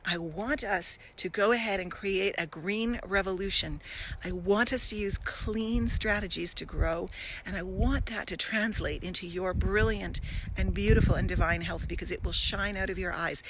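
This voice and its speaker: A woman's voice: mid-range voice, measured pace, a little hiss or hum, low-quality recording. Emotional, gushing middle-aged woman in a garden. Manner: warm, gushing, emotional and encouraging. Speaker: wellness host. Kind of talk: live-streamed casual talk to viewers. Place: outdoors in her garden.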